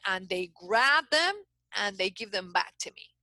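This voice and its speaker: A woman's voice: medium pitch, a little slow, dry recording, rough recording. A middle-aged woman coach telling a story in a casual interview, talking in bursts with frequent restarts. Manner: animated storyteller, many restarts. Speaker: guest coach.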